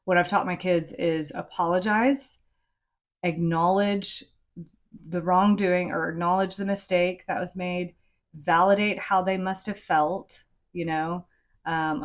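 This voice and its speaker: A woman's voice: on the low side, fairly even intonation, a little slow. A middle-aged woman hosting a podcast, giving frank, conversational advice and sometimes swearing. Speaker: podcast host. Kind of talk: casual advice talk.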